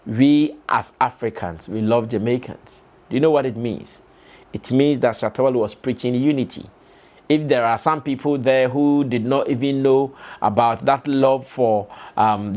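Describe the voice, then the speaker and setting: A man's voice: mid-range voice, a little mellow. A man hosting an entertainment show, giving opinionated commentary full of rhetorical questions and repeated points.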